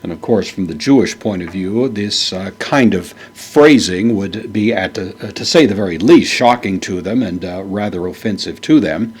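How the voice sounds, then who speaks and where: A man teaching a Bible verse word by word, parsing each word in a measured way with frequent fillers. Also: on the low side, husky. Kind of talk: unscripted Greek verse lesson.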